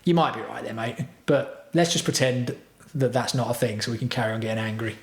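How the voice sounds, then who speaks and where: Male streamer, mid-pitched, sarcastic sweary rant, echoey room. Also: steady tone, fairly quick. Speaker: livestream host. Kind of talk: casual livestream rant.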